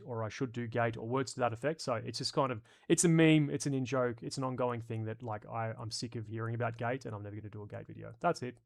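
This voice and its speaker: A man hosting a live stream, reading viewer comments out loud and joking around in a casual, profane, rambling way. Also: mid-range voice, vocal fry. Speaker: streamer host.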